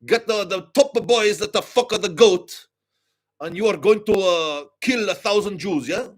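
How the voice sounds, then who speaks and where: A man voicing a scheming male regime leader who gives orders loudly, stopping often on fillers. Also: sits high, normal speed, pitched above the performer's own voice. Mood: bossy. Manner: loud, raised, hesitant with fillers.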